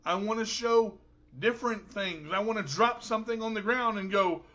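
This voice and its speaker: A man hosts his own show with an unhurried, playful, joking delivery. His voice sits high and bright. The recording sounds dull and lo-fi. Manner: jokey, playful storyteller. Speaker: show host. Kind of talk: casual podcast talk.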